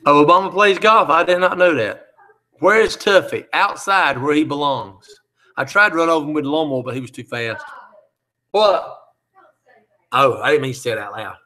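A man's voice: fairly high pitch, animated, normal speed, pauses often, sharp tone. A man hosting a live chat, reading out viewer comments and teasing them in a joking, easygoing way.

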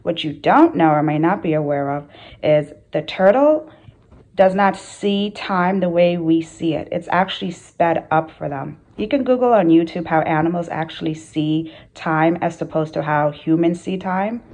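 A woman's voice: fairly low pitch, normal speed, darkish tone, poor audio. A woman hosting her channel, speaking earnestly to camera in a casual motivational talk, with repeated phrases and rhetorical questions. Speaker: spiritual coach and channel host.

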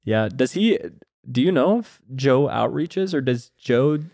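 A man's voice: medium pitch, lively intonation, a little slow, creaky, darkish tone, no echo, studio quality. A man hosting a casual podcast, chatty and friendly in his questions. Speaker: podcast host.

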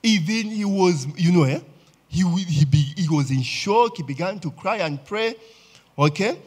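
A man's voice: high-pitched, animated, a little slow, darkish tone, slightly rough. A Ugandan man preaching a sermon as pastor, talking conversationally and often checking in with the congregation with "eh?" and "okay?".

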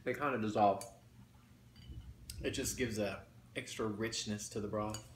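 In this mukbang clip, a man with a lowish, steady voice talks unhurriedly to viewers as he eats, keeping things folksy and chatty. The room sounds echoey, and there is a faint layer of background noise.

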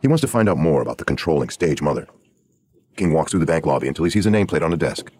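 A man narrating a true crime podcast in a brisk, hard-boiled storytelling manner. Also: a bass voice, sing-song, darkish tone, a little hiss or hum.

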